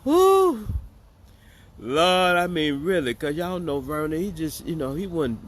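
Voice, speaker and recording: This man's voice is slightly high and a bit bright, moving at normal speed. He hosts casual political commentary, talking straight to his viewers, calling them y'all, and staying joking, sarcastic and chatty.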